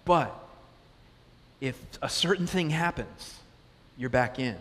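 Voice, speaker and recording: A man preaching a sermon as pastor, conversational and animated, asking the congregation question after question. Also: medium pitch, slow. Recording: long reverb of a large hall.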